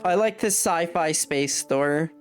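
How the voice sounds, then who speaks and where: Young woman game streamer, low voice, slow and rambling, cusses a lot, faint music under her. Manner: rambling, swears freely, laughs mid-sentence. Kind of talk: casual live-stream chat while gaming.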